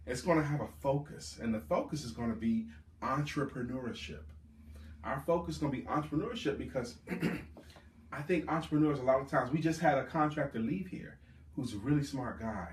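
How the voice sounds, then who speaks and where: A man coaching a live audience on sales, speaking with emphatic, drawn-out stress on key words. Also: medium pitch. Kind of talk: live sales workshop talk. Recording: roomy, distant mic.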